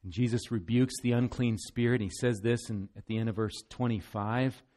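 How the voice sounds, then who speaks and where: A man's voice: medium pitch, fairly even intonation, moderate pace, mellow. A man preaching a sermon as pastor, earnest and emphatic, often repeating words as he goes.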